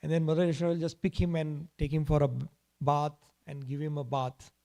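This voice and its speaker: A man's voice: on the high side, level tone, brisk, gravelly, warm tone. A man telling a devotional story in a temple class, in a casual way with frequent restarts. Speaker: speaker giving a scripture class. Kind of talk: storytelling sermon. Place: temple hall.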